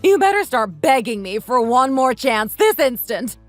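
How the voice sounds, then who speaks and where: A woman's voice: high-pitched, very animated, normal speed, dry recording, faint music behind. A woman voicing a bossy, scornful sixty-year-old mother-in-law in a texting story, scolding and insulting. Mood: indignant.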